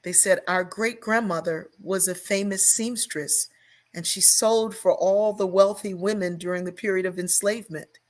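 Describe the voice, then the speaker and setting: A woman's voice: medium pitch, fairly even intonation, moderate pace. An older woman, a guest on an interview show, telling a personal story at length and acting out the voices she remembers. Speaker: guest, sociologist and author.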